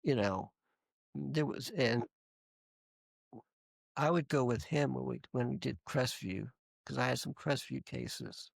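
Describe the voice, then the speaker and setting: A man being interviewed, casually telling lively anecdotes with frequent restarts. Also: medium pitch, slow, gravelly, long pauses, no echo. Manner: animated, laughing anecdotes with acted quotes. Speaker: interview guest. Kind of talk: casual storytelling.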